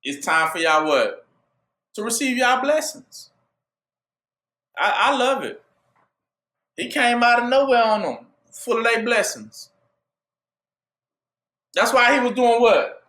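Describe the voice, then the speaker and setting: A man preaching in a high, swooping voice that rises and falls widely. He keeps throwing rhetorical questions at his listeners in call-and-response fashion. The recording carries a noticeable room echo. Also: big pitch swings, takes it slowly, long pauses, bright, forceful tone. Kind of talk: sermon.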